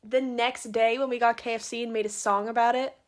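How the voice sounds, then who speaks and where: A woman's voice: a little high, little pitch movement, brisk. A young woman in her twenties co-hosting a couple's podcast, shy and giggly, often saying "like". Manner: shy, giggly, says like a lot. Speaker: podcast co-host. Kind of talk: casual couple chat.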